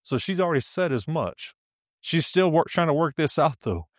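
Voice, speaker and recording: A man's voice: on the high side, animated, normal speed, no room sound, clean studio sound. A male preacher teaching a sermon, emphatic, repeating key phrases and laughing often as he speaks.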